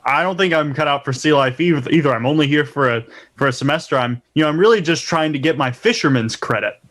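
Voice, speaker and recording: A man's voice: a little high, quick pace, fairly bright tone. A man playing a nervous young intern on a pirate ship, stammering and flustered, in an improv scene. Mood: pleading. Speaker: improv performer.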